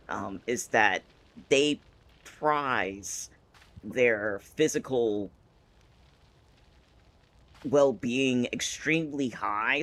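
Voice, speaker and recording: A man's voice: medium pitch, a bit bright. A man streaming a game, chatting casually and laying out his interpretations of the story in a thoughtful way.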